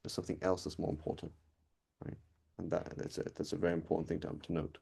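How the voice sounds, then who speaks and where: A man's voice: low voice, completely flat delivery, fast, vocal fry, warm tone, slightly rough. A man teaching Islamic law in an informal lecture, explaining conversationally and often checking in with his students.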